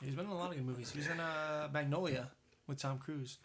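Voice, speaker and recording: A man's voice: a little high, fast talker, a bit bright. A man co-hosting a podcast in casual chat, laid-back and rambling with fillers. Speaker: podcast co-host.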